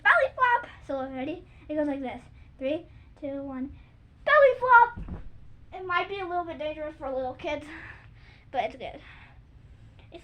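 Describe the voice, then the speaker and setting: In a dull, lo-fi home recording, a young girl with a high voice hosts a kids' video. She giggles and chats casually as she demonstrates jump tricks, filling her talk with "like" and breaking into silly sung snippets.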